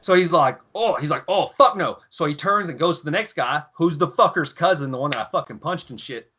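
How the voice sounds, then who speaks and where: A man in his thirties, a former Marine guest on a podcast, telling crude stories in a casual, animated way and sometimes mimicking shouting officers. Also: on the high side, a little fast, slight background noise. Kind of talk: casual storytelling.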